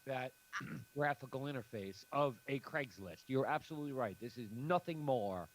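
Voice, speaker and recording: A man's voice: mid-range voice, animated, normal speed, low-quality recording. A man co-hosting a casual podcast chat, blunt and emphatic, swearing freely. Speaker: podcast co-host.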